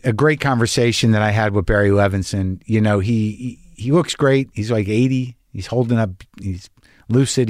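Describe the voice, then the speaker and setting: A man's voice: mid-range voice, dry recording. Middle-aged guy podcasting, rambly and swears a lot, dead dry close mic. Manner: rambling, profane, many restarts. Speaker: podcast host. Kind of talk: casual monologue and interview.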